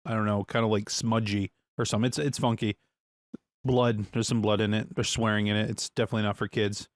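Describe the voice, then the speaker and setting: A man's voice: fairly low pitch, flat delivery, quick pace, no room sound, clean studio sound. A man co-hosting a podcast in rambling, laid-back casual chat, swearing now and then. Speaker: podcast co-host.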